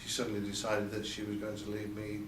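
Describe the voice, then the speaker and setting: A man's voice: fairly low pitch, completely flat delivery, fast, noisy background. An older man recalling his past in a candid interview, hesitant and repeating words as he goes. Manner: hesitant, repeats words, quotes others in a lifted voice. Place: event venue. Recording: roomy sound from a distant mic, faint ambience.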